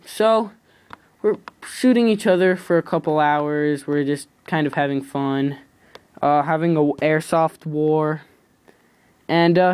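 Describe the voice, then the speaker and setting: A man's voice: a little high, darkish tone, clean tone. A teenage boy casually telling a story on his vlog, rambling, stopping and correcting himself as he goes. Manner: rambling, halting, self-correcting. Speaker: YouTube vlogger.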